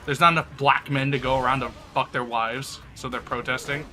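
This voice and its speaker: A man's voice: medium pitch, fairly even intonation, brisk, over music. A sick man streaming live, rambling crudely in casual chat and laughing often.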